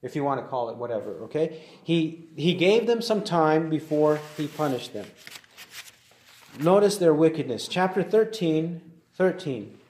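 A man teaching verse by verse through a Bible passage, reading verses slowly and deliberately. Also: a little high, big pitch swings, darkish tone. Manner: deliberate, slows to read verses aloud. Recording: roomy echoey recording.

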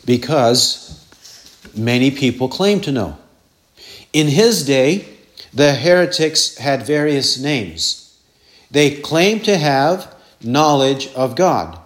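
A man's voice: mid-range voice, expressive, takes it slowly, long pauses. A man preaching an expository sermon, repeating verse references and asking rhetorical questions.

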